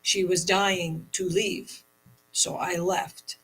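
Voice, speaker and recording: A woman guest on a talk show, telling a personal story in an animated, emphatic way. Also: lowish voice, slow, breathy edge, poor audio. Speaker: guest, tarot reader. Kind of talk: casual storytelling interview.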